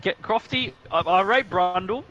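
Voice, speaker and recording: A man's voice: high-pitched, moderate pace, bright, forceful tone, highs cut off, a little hiss or hum. A man hosting a live sim racing stream, commentating the race with joking banter that picks up when the action heats up.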